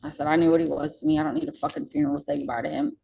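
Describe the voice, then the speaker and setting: A woman's voice: low voice, little pitch movement, very fast, vocal fry, warm tone, a little hiss or hum, poor audio. A young woman, a podcast guest, telling a personal story in a candid, casual way and swearing freely.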